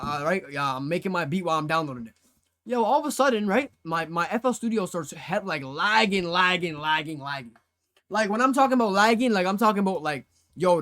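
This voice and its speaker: A man's voice: a little high, fairly bright tone. A young man streamer telling a story to his live chat in casual slang, acting out his own past reactions.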